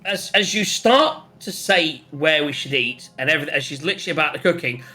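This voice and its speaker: A game master narrating a tabletop game in an animated way, often laughing and acting out shouts and hums. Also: mid-range voice, brisk, soft background music.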